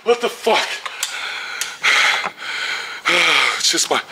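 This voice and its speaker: A man's voice: on the high side, very animated, very slow, very noisy. A man in a comic skit, panicking and cursing constantly.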